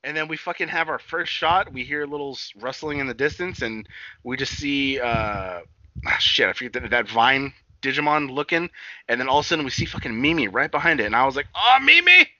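A young man co-hosting a casual podcast, recapping a cartoon with constant swearing and sudden loud shouted quotes. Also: medium pitch, fairly quick, no room sound. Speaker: podcast co-host. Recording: dull, slightly lo-fi dry sound.

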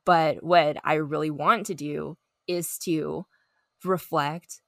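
Young woman, podcast co-host, low pitch, dry mic, thoughtful rambling. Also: steady tone, slow, vocal fry, a bit bright, dry recording. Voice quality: reflective, filler-heavy talk with many "like"s. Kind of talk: casual group chat.

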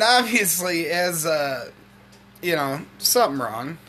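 A man's voice: on the high side, a little slow, slight background noise. A man hosting a podcast, talking animatedly about a video clip and swearing casually. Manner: animated, swearing, quoting clips. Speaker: podcast host. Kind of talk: casual chat.

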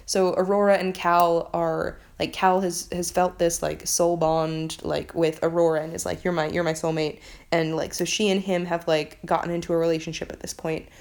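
A young woman with a slightly low voice chats casually about a book she is reviewing. She rambles, circles back with lots of fillers, and swears freely. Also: little pitch movement, moderate pace, darkish tone. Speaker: book vlogger.

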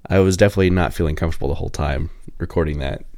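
A man's voice: deep voice, rapid-fire, gravelly, warm tone, no echo, clean studio sound. A man co-hosting a podcast, explaining things in easygoing casual chat. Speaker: podcast co-host.

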